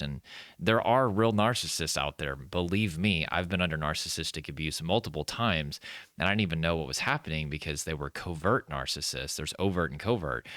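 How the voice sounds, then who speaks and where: A man with an extremely low, deep voice talks to the camera as an anxiety coach, earnest and explanatory, checking in with his listeners and slowing down on the words that matter. The sound is dry and close, with almost no room around it. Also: sharp tone, dry recording. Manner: earnest, explains with frequent "right?" and "okay?" check-ins. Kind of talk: direct-to-camera teaching talk.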